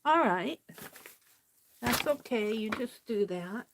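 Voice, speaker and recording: Very noisy audio carries a woman's expressive, slightly high voice. She's leading a craft livestream in an easygoing way, working slowly and muttering to herself along the way.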